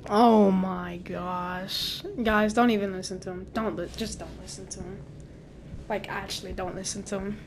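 A woman's voice: mid-range voice, steady tone, moderate pace, noisy background. A young woman chatting casually while playing a game with a friend, playful and teasing, laughing often. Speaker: gamer. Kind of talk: casual gameplay chat.

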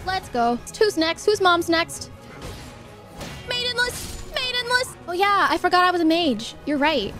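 Shrieky, lively young woman streamer. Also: very high voice, moderate pace, hardly any pauses. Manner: excitable, shrieking, silly and goofy. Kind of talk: live game streaming. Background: loud video game music.

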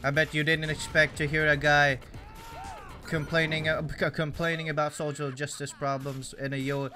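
Over soft background music, a young Canadian man delivers rambling, jokey gameplay commentary for his gaming YouTube channel, poking fun at himself. His pitch is fairly high and his tone sharp, but his delivery is flat and moderately paced.

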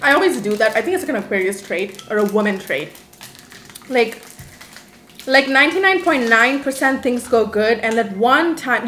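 A young woman vlogger rants through a storytime in a casual, swear-laden style. Her voice sits a touch high, and she throws herself into dramatic retellings of each exchange. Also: a little fast, reverberant, slight background noise. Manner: animated, profane, dramatic retelling.

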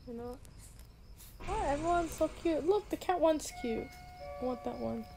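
A young woman giving casual, excitable commentary while she plays a game, swearing and sometimes dropping into whispers. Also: high-pitched, moderate pace, vocal fry, loud music behind the voice, rough recording. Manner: excitable, swears, drops into whispers when scared. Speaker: gamer.

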